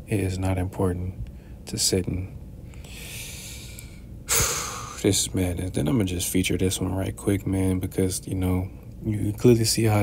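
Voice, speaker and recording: A man's voice: sits low, vocal fry, a little mellow, a little hiss or hum. A man hosting a commentary show, reacting to clips in a preachy, rambling way full of filler words. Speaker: commentary channel host.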